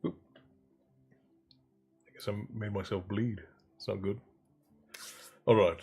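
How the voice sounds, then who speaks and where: A man with a lowish, gravelly, husky voice takes it slowly, his intonation fairly even, as he hosts a livestream. He drifts into friendly, chatty tangents, warmly naming viewers, between stretches of reading a book aloud.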